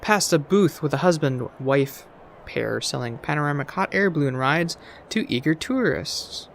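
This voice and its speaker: A man's voice: a little high, expressive, a little slow, gravelly, fairly bright tone, a little hiss or hum. A man reading a story game aloud while playing, stumbling over words and adding asides. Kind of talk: let's play reading aloud.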